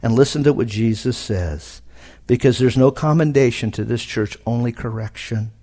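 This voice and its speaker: A middle-aged man preaching a sermon at a conference, animated, with sudden loud emphatic rises. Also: mid-range voice, moderate pace. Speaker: pastor. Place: conference hall.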